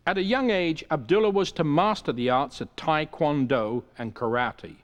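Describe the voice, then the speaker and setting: A man reading scripted documentary narration in a measured, announcer-like way. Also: a little high.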